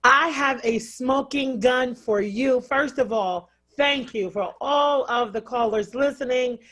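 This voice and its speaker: A woman's voice: high-pitched, slow, a bit bright. A woman political activist guesting on a radio talk show, assertive and dramatic, asking rhetorical questions. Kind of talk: radio interview.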